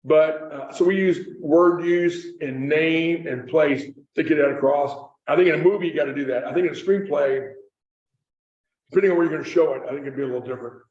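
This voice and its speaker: A man's voice: on the high side, fairly quick, a little mellow. A middle-aged man from Kentucky with a Kentucky accent, an author telling stories to an audience in a casual, rambling way and often restarting his sentences. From Kentucky, USA. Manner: chatty storyteller with frequent restarts and self-corrections. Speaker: author and screenwriter giving a talk. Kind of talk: casual anecdotal talk to an audience. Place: room with a live audience. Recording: echoey, distant, dull room recording.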